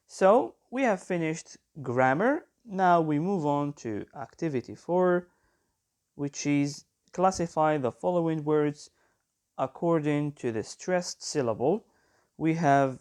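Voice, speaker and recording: Male teacher from Algeria, slow and methodical, animated pitch, exam walkthrough. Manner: explains step by step, addressing students directly. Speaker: English teacher. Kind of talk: exam correction lesson.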